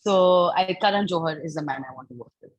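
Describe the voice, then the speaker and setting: Young indian actress, husky low-ish voice, gets all excited telling stories, dry sound. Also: female voice, racing, no room sound, poor audio. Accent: Indian English. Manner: animated, excitable storyteller. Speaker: actress being interviewed. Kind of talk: casual interview chat.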